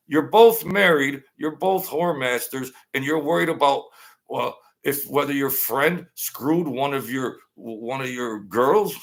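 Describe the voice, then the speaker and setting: A man at an ordinary, middle pitch tells old stories in a loose, conversational way. He swears freely, circles back on himself and waves off details with "blah, blah, blah.". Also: unhurried, vocal fry. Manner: rambling and profane, fills gaps with "blah, blah, blah". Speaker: storyteller recounting his past. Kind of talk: casual spoken storytelling.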